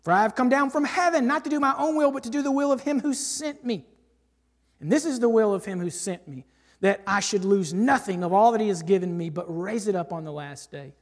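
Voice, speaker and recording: Guy preaching in a church, high voice, big echo tail, goes from loud to hushed. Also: fairly quick. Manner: emphatic, swings from loud declarations to hushed asides. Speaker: pastor. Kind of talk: sermon with scripture reading. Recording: long hall reverb.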